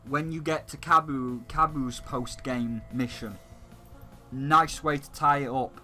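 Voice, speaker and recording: A man's voice: medium pitch, steady tone, slow pace, pushed and bright, soft background music, low-quality recording. A man hosting a gaming channel, delivering a heated, profanity-laced rant that hammers the same points again and again. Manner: heated, swearing, repetitive ranting. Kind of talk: profane video game rant.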